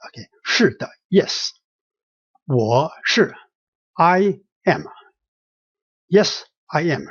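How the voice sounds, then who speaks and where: A husky-voiced teacher leads a beginner lesson at a slow, careful pace, repeating every phrase and pausing on fillers. The pitch swings widely while modelling each word. The sound is dry and dull, like a lo-fi home recording. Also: animated, a bit bright, no room sound. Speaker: language teacher.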